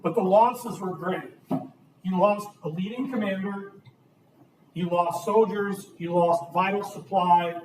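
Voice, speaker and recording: A high-voiced man energetically lectures a history class, asking his students questions as he goes. The recording is roomy and distant, with slight background noise.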